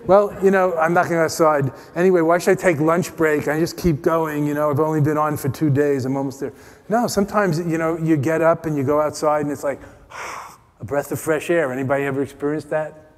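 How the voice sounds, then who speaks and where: An American man giving a playful, teasing meditation talk at a retreat, his voice dropping to soft, quiet tones. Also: on the high side, normal speed. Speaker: meditation teacher. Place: retreat meeting hall. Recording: long hall reverb.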